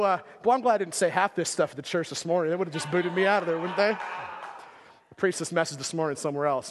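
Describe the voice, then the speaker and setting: Man, preacher, high voice, casual chatty sermon, lots of fillers, long church-hall reverb. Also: background noise. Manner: conversational, filler-heavy, keeps asking "right?".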